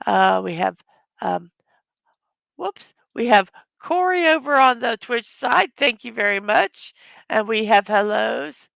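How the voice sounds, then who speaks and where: A hoarse, tired woman chats through a relaxed morning livestream and welcomes viewers one after another. Her voice is gravelly and her pace slow and unhurried. The sound is close and dry. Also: fairly high pitch, no room sound. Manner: warm greetings to chat viewers one by one. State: tired from little sleep. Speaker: livestream host. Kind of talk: casual morning livestream chat.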